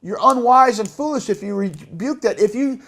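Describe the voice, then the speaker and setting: High-voiced impassioned male preacher. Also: animated, moderate pace. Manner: impassioned preaching, swinging between hushed and shouted. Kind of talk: sermon.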